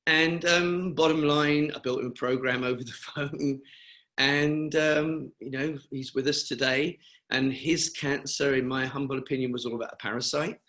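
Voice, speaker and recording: A man's voice: mid-range voice, steady tone, normal speed, fairly bright tone. Older english guy on a video call, rambling chatty stories, lots of ums and restarts. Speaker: interviewee, cancer charity founder. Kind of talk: webinar interview, anecdotal storytelling.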